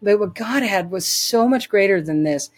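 A woman's voice: mid-range voice, animated, moderate pace. Earnest woman giving a faith testimony. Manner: earnest and emphatic, repeats phrases for weight. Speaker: interview guest.

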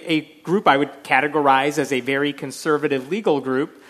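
Eager, animated man debating. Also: on the high side, a little fast. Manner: animated, laughs often, eager. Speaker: atheist debater. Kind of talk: stage debate discussion.

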